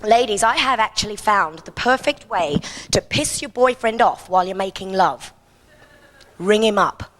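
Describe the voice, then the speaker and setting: A woman's voice: mid-range voice, expressive, normal speed, fairly bright tone, slight background noise. Brash woman doing bawdy stand-up. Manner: bawdy, brash, punchy delivery. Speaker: stand-up comic. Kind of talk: stand-up comedy routine. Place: outdoor festival stage.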